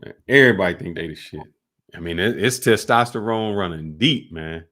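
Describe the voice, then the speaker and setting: Animated low-voiced male podcast host. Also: fairly quick. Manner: animated storytelling, often rising loud. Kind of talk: casual sports talk.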